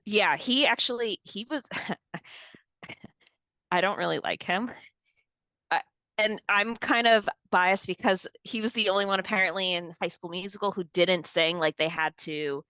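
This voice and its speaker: A woman's voice: medium pitch, measured pace, no echo. A woman co-hosting a pop culture podcast, chatting casually and acting out the people she quotes. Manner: animated, acts out quoted voices. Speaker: podcast co-host.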